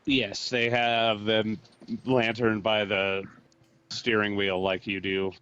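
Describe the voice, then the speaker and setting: Slow, low-voiced male game master. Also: little pitch movement, fairly bright tone, clean tone. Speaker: dungeon master. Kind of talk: narrating a tabletop game. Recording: dull lo-fi mic.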